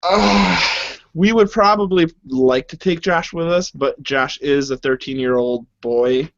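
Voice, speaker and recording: Man in his 30s-40s, podcast co-host, relaxed and joking, slightly high pitch, lo-fi dry sound. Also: dry recording. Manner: easygoing, joking, drawn-out phrasing. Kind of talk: casual chat. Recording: dull lo-fi audio.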